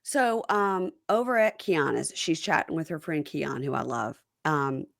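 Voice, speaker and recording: A woman's voice: low-pitched, a little slow, vocal fry. A woman hosting a casual chat, recapping a show and acting out what people said. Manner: acts out quoted lines with lively voices. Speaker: podcast host.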